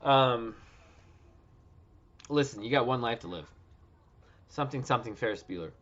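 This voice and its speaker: Man, 30s, casual livestream host, profane joking manner, sharp tone, lively pitch. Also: moderate pace, a little hiss or hum. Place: at home. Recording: dull lo-fi stream audio.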